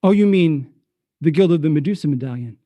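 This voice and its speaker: A man's voice: a little high, lively intonation, a little fast, warm tone, no echo, natural voice. A man voicing a cunning male thief student, a con artist who mocks others with theatrical swings in tone. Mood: sly.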